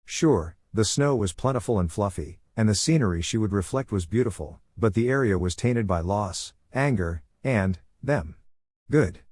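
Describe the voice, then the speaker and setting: A man's voice: on the low side, expressive, moderate pace, hardly any pauses, a little mellow, no echo. A man reading fan fiction aloud, narrating and voicing the dialogue with little character acting. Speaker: fanfiction reader.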